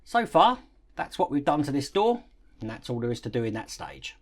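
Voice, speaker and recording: A man hosting a model-building channel, calmly explaining each step of the build while he works with his hands. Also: medium pitch, moderate pace, very noisy.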